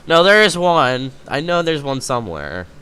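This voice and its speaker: A man's voice: a little high, big pitch swings, normal speed, pushed and bright, clean tone. A man casually chatting as he reacts to videos, rambling and laughing often as he thinks aloud. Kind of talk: casual chat.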